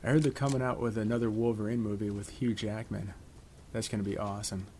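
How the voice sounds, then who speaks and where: A man's voice: on the low side, flat delivery, fast talker, a little mellow. A middle-aged man from Connecticut giving chatty, rambling, laid-back commentary while playing a video game. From Connecticut, USA. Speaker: gaming YouTuber. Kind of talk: casual gameplay commentary. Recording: clear background noise.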